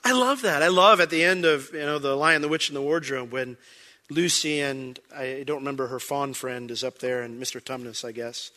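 A man's voice: mid-range voice, moderate pace, sharp tone. A man preaching a sermon as pastor, conversational and emphatic.

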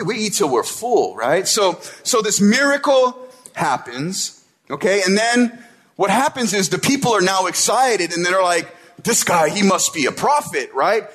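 A man's voice: high-pitched, fairly bright tone, breathy edge. A man preaching a sermon in a casual, conversational way, often checking in with his listeners. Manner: conversational preaching, tag questions like "right?". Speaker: pastor.

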